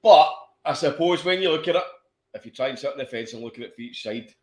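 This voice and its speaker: A man's voice: medium pitch, animated, quick pace, darkish tone, reverberant. A Scottish man co-hosting a casual football podcast, laid-back and stammering on his starts, with the odd swear. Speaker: podcast co-host.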